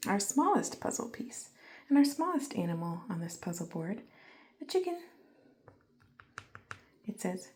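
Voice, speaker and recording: A woman giving a calm, gentle lesson to small children, speaking softly and often half-whispering, and playfully imitating animal sounds. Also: mid-range voice, unhurried, long pauses. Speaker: children's educator.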